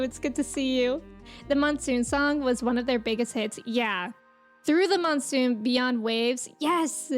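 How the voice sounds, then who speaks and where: A high-voiced young woman chats casually with her live audience, reading out their comments and giggling often. Soft music plays faintly underneath. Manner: chatty, giggly, reads out viewer comments. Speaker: streamer. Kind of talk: casual chat with live viewers.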